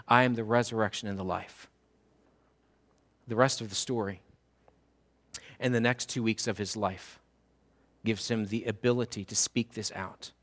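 A male pastor preaching a sermon in an animated, humorous way, putting direct questions to his listeners. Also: medium pitch.

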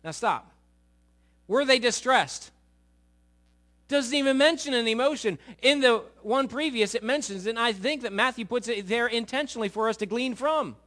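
A man preaching a sermon, conversational and animated, often asking his listeners questions. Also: extremely high pitch, normal speed. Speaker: pastor.

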